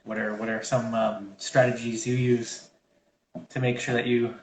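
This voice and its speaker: A man's voice: mid-range voice, flat delivery, unhurried, echoey room, slight background noise, rough recording. A man co-hosting a fitness chat, giving casual advice in a rambling way with many fillers and restarts, over a video call. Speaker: fitness trainer co-host.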